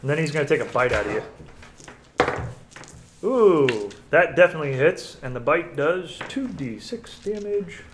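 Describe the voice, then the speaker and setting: A man running a tabletop game as game master, counting dice out loud and often correcting himself mid-sentence. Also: on the high side, animated, moderate pace, pauses often, slight background noise.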